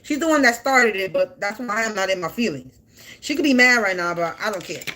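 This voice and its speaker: A woman's voice: medium pitch, expressive, fairly quick, pushed and bright. A woman in her forties gives an unscripted monologue to camera. She is defiant and blunt, swears freely, and hammers her points home through repetition. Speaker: spiritual content creator.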